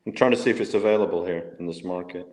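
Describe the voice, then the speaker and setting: A man's voice: deep voice, fast, darkish tone. A man hosting a casual video call chat, asking short friendly questions. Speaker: show host.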